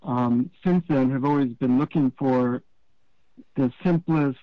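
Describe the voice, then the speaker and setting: A man answers interview questions in a relaxed, halting way, with plenty of fillers. The sound is dull and lo-fi, like a radio broadcast. The room is dry. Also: medium pitch, no room sound. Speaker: author guest.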